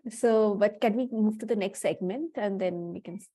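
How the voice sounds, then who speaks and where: A woman's voice: mid-range voice, moderate pace, dark tone, no echo. A woman who moderates an online session, reading out audience questions in a hesitant way. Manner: hesitant, with fillers.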